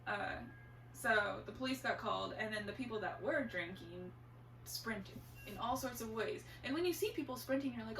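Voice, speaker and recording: A woman's voice: a little high, fairly quick, a bit bright. A woman who chimes in with quips and laughs often while she tells a family story in casual conversation. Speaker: interviewee, daughter. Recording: roomy and distant with faint hum.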